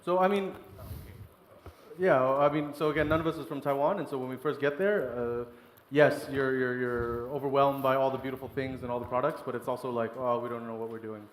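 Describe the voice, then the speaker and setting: A man talks fast and chatty in a casual interview, tossing in little laughs. The room is roomy, with a long reverb tail and faint ambience behind him. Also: mid-range voice, fairly even intonation. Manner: quick, chatty, laughing asides. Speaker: chef.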